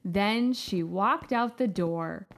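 A woman hosting a children's story show, narrating in a gentle, playful and upbeat way. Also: medium pitch, takes it slowly, noisy background.

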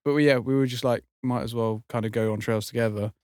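A man's voice: mid-range voice, fairly even intonation, fast, a little mellow, no room sound. A young man, a podcast co-host, telling a rambling story in casual chat, full of fillers and swearing.

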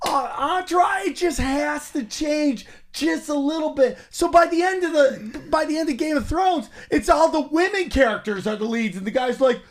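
A man's voice: very high voice, lively intonation, normal speed, few pauses. A laid-back man in casual chat, joking and often saying dude. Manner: laid-back, jokey, says dude a lot.

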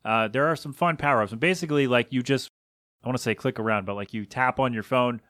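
A man's voice: mid-range voice, quick pace, fairly bright tone, no room sound, clean studio sound. A man hosting a casual solo podcast, rambling and exasperated as he rants with frequent asides. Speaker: podcast host.

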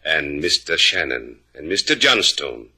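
A suave, menacing villain in a 1950s radio drama. His very deep, husky voice rolls through sardonic lines. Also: big pitch swings, unhurried, pushed and bright, exaggerated voice. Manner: smooth, sardonic.

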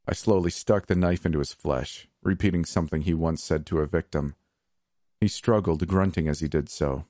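A man narrating dark first-person fiction in a measured, unhurried way. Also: very deep voice, dry recording, studio quality.

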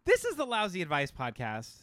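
A man co-hosting a casual podcast, slightly high for a man, with a smooth, clear voice. He is chatty and self-mocking and laughs a lot. He sounds dry and close to the mic. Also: wildly swooping pitch, fairly quick, a bit bright, no echo. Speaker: podcast co-host. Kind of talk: casual chat.

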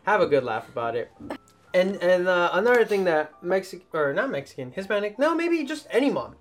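Young man telling animated podcast stories. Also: sits high, fairly quick, soft background music. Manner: animated storytelling, swings into loud mock voices. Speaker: podcast host. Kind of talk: casual podcast chat.

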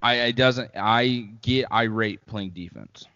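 A man's voice: mid-range voice, slow, bright, forceful tone. A man in a casual chat who laughs often, swears casually and pokes fun at himself. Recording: dull audio with long reverb.

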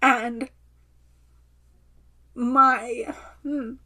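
A woman podcast host slowly putting her feelings into words, pausing and restarting as she reflects. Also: on the high side, fairly even intonation, sharp tone. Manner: slow, searching, halting speech. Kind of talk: emotional self-reflection.

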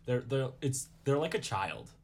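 A man's voice: medium pitch, animated, a little slow, soft background music. A man co-hosting a casual chat, playful and teasing, steering the talk from one topic to the next. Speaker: podcast co-host.

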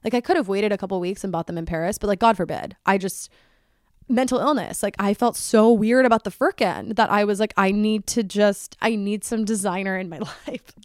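A woman's voice: medium pitch, fairly quick, dry recording, clean studio sound. A young woman hosting a solo podcast, telling a story in a chatty, dramatic way, full of "like" and acted-out quotes from friends. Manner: chatty, dramatic, heavy use of "like", quotes friends in animated bursts. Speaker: podcast host.

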